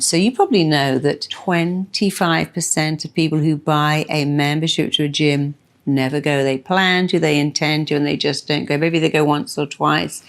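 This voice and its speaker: Woman motivational speaker, deep for a woman, punchy, repeats key lines slowly for effect. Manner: emphatic, repeats affirmations with slow deliberate stress. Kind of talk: motivational talk.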